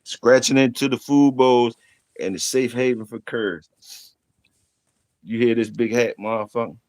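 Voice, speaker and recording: A man's voice: mid-range voice, steady tone, a little slow, a little mellow, no echo, studio quality. A middle-aged man hosting a casual stream, teasing viewers with profane, laughing banter. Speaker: channel host. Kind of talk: casual livestream chat.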